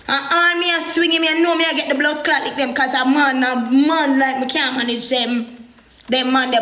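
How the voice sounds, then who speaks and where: A young Jamaican woman telling a personal story in an animated, heated way. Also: sits high, moderate pace, roomy sound, slight background noise.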